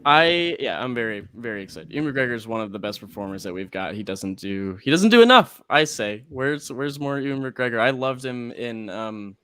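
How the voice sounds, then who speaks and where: A man chatting excitably on a live stream, telling a story with plenty of energy and the odd swear. His voice sits in an ordinary middle range. The recording is dry and close, with no room sound. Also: medium pitch, normal speed, few pauses, clean tone, no room sound. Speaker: co-host. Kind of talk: casual chat.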